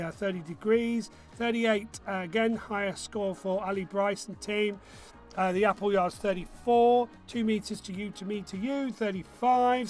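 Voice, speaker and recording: Quiz MC, male, high voice, banter-heavy, faint music underneath. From northern England. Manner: chatty, jokey, reads out scores briskly. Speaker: quiz host. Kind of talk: casual online pub quiz hosting.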